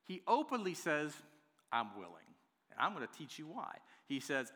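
A man preaching a sermon to his church, swinging between hushed, drawn-out lines and loud, emphatic ones. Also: a little high, huge pitch swings. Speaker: pastor. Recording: long hall reverb.

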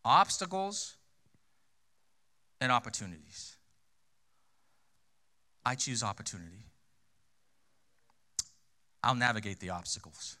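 Bright-voiced pastor preaching conversationally. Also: male voice, medium pitch, sing-song, takes it slowly, pauses often. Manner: conversational preaching with frequent rhetorical questions; repeats key phrases for emphasis. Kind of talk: sermon.

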